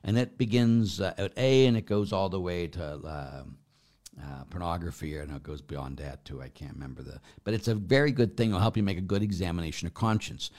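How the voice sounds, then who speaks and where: A man's voice: low voice, fairly quick. A middle-aged man, a priest hosting a live stream and answering chat comments in a rambling, self-deprecating way. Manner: warm, rambling, self-deprecating, with frequent fillers.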